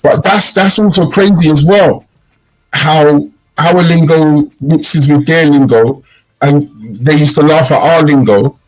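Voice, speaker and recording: A man's voice: fairly high pitch, a little slow, rough recording. A man co-hosting a podcast in casual chat, telling stories animatedly and mimicking slang phrases. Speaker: podcast co-host.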